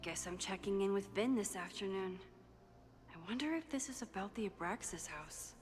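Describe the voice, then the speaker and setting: An actress voicing a curious, worried young woman student who muses quietly to herself in a video game. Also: medium pitch, animated, moderate pace, faint music behind, lightly acted. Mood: musing.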